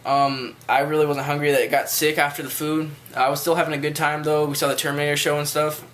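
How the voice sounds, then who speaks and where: A man's voice: fairly high pitch, flat delivery, fast talker, fairly bright tone, a little hiss or hum. A man telling a rambling, casual story to his viewers, with loose phrasing and frequent swearing. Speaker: vlogger.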